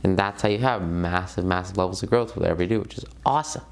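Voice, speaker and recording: A young man with a low, gravelly voice gives a casual online lesson. He talks in a loose, conversational way, full of fillers, and hits the key points hard. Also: quick pace, slight background noise. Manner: conversational, emphatic, filler-heavy. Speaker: course instructor.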